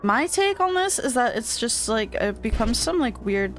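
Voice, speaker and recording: A woman's voice: fairly high pitch, very animated, moderate pace. A woman streaming a game, chatting loosely with lots of fillers and reading the game's text aloud. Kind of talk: casual gaming stream chat. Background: game music.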